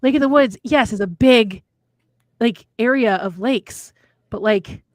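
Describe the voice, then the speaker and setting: A podcast co-host from Minnesota, USA, speaks a little slowly in a higher voice, animatedly telling stories in casual chat and acting out the quotes. The studio sound is clean, with no echo.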